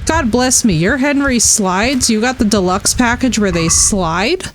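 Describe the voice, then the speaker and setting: A high-voiced woman streams a game live, laughing often and swearing freely as she reacts. She talks to her chat in an unhurried, playful way. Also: a little hiss or hum, poor audio. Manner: animated, laughing, swearing, chatting with viewers. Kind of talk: live gameplay commentary.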